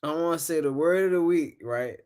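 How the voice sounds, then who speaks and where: A man's voice: a little high, a little fast, darkish tone. A man hosting a casual podcast chat, explaining things in a loose, rambling way and laughing often. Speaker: podcast host.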